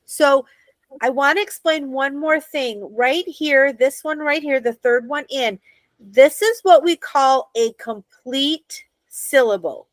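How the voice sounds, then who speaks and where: A woman's voice: sits high, takes it slowly, no room sound. An American woman teaching a Hebrew reading class, patiently checking that her students follow. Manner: patient, checks understanding often.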